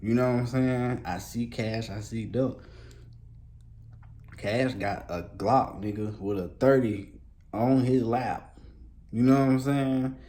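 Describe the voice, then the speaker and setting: A man's voice: medium pitch, takes it slowly, pauses often, dark tone. A man telling a casual storytime, talking loosely in street slang with a lot of fillers and swearing. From Columbus, Georgia, US.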